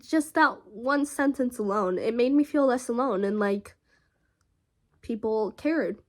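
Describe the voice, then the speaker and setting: A young woman vlogger telling a personal story in a halting, emotional way, with frequent fillers and pauses. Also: a little high.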